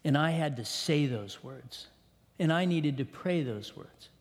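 A middle-aged man, a pastor, telling a personal story in a sermon with strong emotion, dropping to hushed tones. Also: a little high, animated, a little slow, long reverb tail. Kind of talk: sermon testimony.

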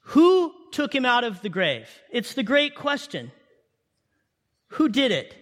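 A man preaching an Easter sermon, telling a story with animated delivery and repeating key lines for emphasis. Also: very high voice, slow pace, in a large hall. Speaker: pastor.

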